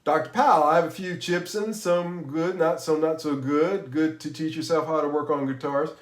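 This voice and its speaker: A man's voice: on the high side, steady tone, moderate pace, echoey room. A man hosting a casual live stream about music, rambling with many restarts, sounding unwell and tired. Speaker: livestream host.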